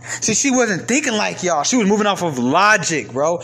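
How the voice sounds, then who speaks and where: High-voiced man ranting heatedly. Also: big pitch swings, normal speed. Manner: heated, profane, swings between yelling and low exasperation. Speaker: commentary vlogger. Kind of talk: ranting commentary monologue.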